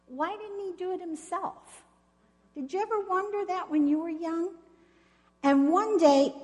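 A woman preaching a sermon in an earnest storytelling way, asking the congregation questions. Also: on the high side. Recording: long reverb of a hall.

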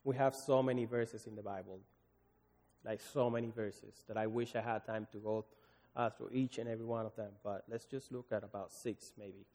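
A man's voice: fairly low pitch, steady tone, normal speed, mellow. A man preaching a morning sermon, earnest and pleading, often restarting his phrases. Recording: long hall reverb.

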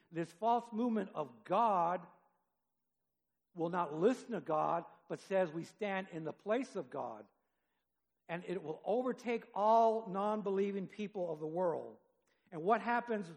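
A man preaching a sermon, reading scripture aloud and talking with his congregation in a conversational way, rising in force for emphasis. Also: high-pitched. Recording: long hall reverb.

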